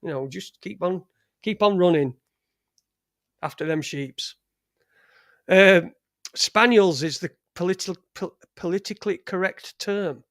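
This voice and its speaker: A man's voice: high-pitched, measured pace, long pauses, a bit bright, no room sound, clean studio sound. A middle-aged man with a Yorkshire accent, hosting a casual livestream with rambling, crude, joking chat. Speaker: livestream host. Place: home studio in front of a green screen.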